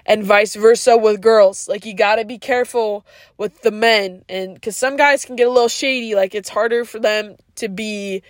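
A woman's voice: medium pitch, fairly even intonation, moderate pace, no room sound, clean studio sound. A woman hosting a podcast, giving a casual but earnest, preachy monologue full of "like" and slang such as "yo" and "bro". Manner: frequent "like" fillers. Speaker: podcast host.

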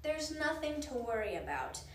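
A woman's voice: high voice, sing-song, moderate pace. A woman reading aloud as a grown man on a ship who speaks in a soothing voice. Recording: roomy, distant mic, faint noise.

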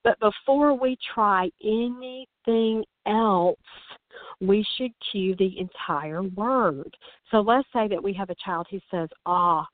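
A woman's voice: fairly low pitch, no echo. A woman speech-language pathologist hosting a podcast, explaining things to parents in an earnest, coaching way and often restarting her sentences. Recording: dry, phone-like narrow sound.

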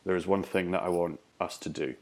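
A man's voice: low-pitched, steady tone, a little fast. A man hosting a podcast, chatting in a jokey way with frequent restarts. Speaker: podcast host. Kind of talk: casual chat.

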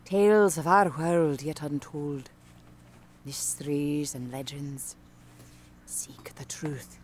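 A woman putting on an Irish accent as a hushed storyteller, speaking very softly and slowly in a whispered role-play. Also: deep voice, fairly even intonation. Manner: very soft and slow.

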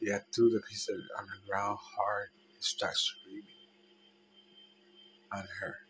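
A man telling a personal story in a halting, emotional way, with many restarts and trailing phrases. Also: on the low side, little pitch movement, bright, forceful tone, a little hiss or hum, poor audio.

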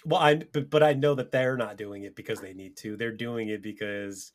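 A man's voice: lowish voice, normal speed. A man co-hosting a podcast, arguing casually and profanely, often laughing mid-rant. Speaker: podcast co-host. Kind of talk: casual heated banter.

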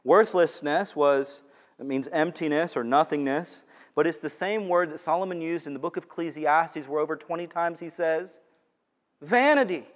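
This is a man delivering a sermon in a lively, conversational way, doubling back on words as he pushes his point. His voice sits on the higher side for a man. The sound rings out with a long reverb, as in a large sanctuary. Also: moderate pace. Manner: conversational, animated preaching with repeated words. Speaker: pastor.

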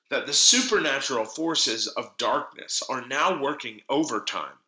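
A man's voice: mid-range voice, pushed and bright, roomy sound, rough recording. A man preaching a sermon, teaching in an earnest, emphatic way.

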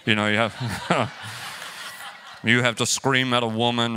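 A man's voice: mid-range voice, takes it slowly, long pauses, slight background noise. A man preaching a sermon as pastor, joking and acting out everyday quarrels as he teaches. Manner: animated, joking storyteller who acts out quotes.

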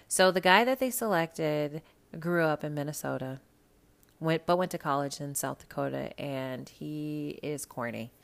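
A woman from the American Midwest hosting a podcast, chatting casually about pop culture with lots of swearing and sudden loud rants. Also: deep voice, a little slow, creaky, clean tone. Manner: profane, animated, swings to loud rants. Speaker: podcast host.

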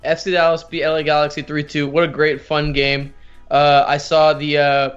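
A man's voice: on the high side, flat delivery, moderate pace, smooth, highs cut off, faint music behind. A man co-hosting a soccer podcast in casual chat, rambling and repeating words, laughing as he talks. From United States. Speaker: podcast co-host.

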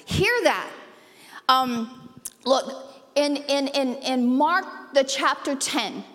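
Woman pastor giving a sermon, high voice, playful and punchy, long echo from a big church hall. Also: drawn-out words. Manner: animated, playful and emphatic, with sudden loud jumps in pitch. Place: church auditorium.

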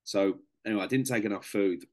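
A young man with a very deep voice tells a story on a podcast. He is casual and matey, calls people "mate", and swears freely as he goes. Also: fast talker. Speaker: podcast guest, serving soldier.

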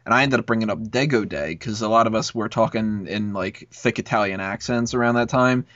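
A man's voice: lowish voice, brisk, fairly bright tone, no echo. A man hosting a casual chat, telling a long school story with lots of swearing and fillers. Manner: rambling, profane, lots of fillers. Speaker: podcast host. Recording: dull lo-fi recording.

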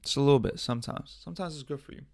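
A man's voice: mid-range voice, rapid-fire, gravelly, darkish tone, no room sound, clean studio sound. A man hosting a solo podcast in a casual, rambling, joking way, swearing often and talking to himself. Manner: rambling, joking, frequent swearing and self-talk. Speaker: podcast host.

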